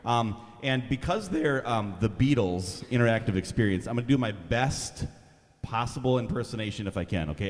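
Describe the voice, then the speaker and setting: Casual halting radio host, man. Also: fairly low pitch, lively intonation, in a large hall. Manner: friendly, halting, with many fillers. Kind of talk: casual on-air introduction.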